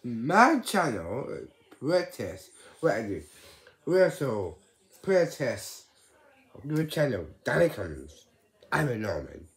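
Man, vlogger, slow halting ramble, lively swinging pitch, repeats himself. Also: echoey room. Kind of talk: casual vlog chat.

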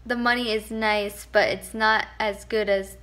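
A woman's voice: mid-range voice, flat delivery, a little slow, a bit bright, a little hiss or hum. A woman adding a casual voice-over as the video's editor, giggly and explaining with many "like"s.

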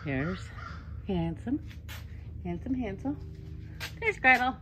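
A woman's voice: lowish voice, lively intonation, measured pace, lo-fi sound, slight background noise. Woman cooing at foxes, sing-song. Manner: coos and chats to the foxes in a sing-song pet voice. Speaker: fox sanctuary caretaker. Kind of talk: casual talk to animals while filming. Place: outdoor animal enclosures.

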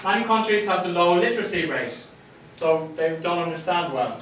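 A man's voice: high-pitched, animated, moderate pace, a bit bright, slight background noise. A man with an Irish accent lecturing a class in a jokey way, often checking that students understand. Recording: echoey room, mic from far off.

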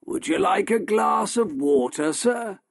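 Man doing a raised-pitch, gravelly showman shopkeeper, fawning and pushy, for a storybook reading. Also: animated, measured pace, exaggerated voice.

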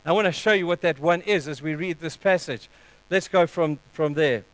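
Smooth-voiced preacher delivering a sermon. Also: male voice, on the high side, moderate pace, dry recording, rough recording. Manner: earnest, animated storytelling. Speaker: pastor.

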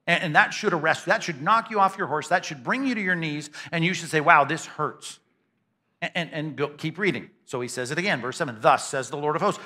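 Animated, bright-voiced preacher man. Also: on the high side. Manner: emphatic, conversational, with quick stammered repeats. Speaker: pastor. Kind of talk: sermon. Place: church sanctuary before a congregation.

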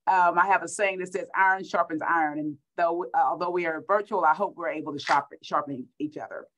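A woman's voice: on the low side, a little fast, a bit bright, slight background noise, low-quality recording. A middle-aged woman from Texas with a Texan accent, a school superintendent giving an upbeat keynote speech over a video call, repeating words for emphasis.

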